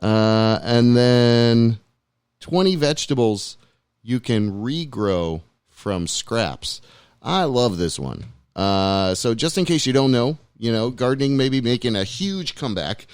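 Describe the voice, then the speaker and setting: A man's voice: mid-range voice, expressive, takes it slowly, clean tone, no room sound. A man hosting a podcast alone in the studio, chatting casually and rambling while he plays clips. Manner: loose, rambling, self-deprecating. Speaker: podcast host. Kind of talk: casual talk show chat. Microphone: studio mic.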